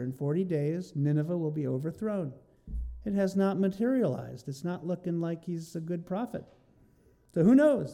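A man's voice: fairly high pitch, warm tone. A man preaching a sermon, walking through a scripture passage and acting out the quoted lines with rising intensity. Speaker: pastor.

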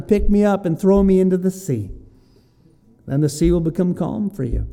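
A man reading Bible verses aloud and explaining them in a lively, conversational teaching style. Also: a little high. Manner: reads scripture aloud, then explains it with lively asides.

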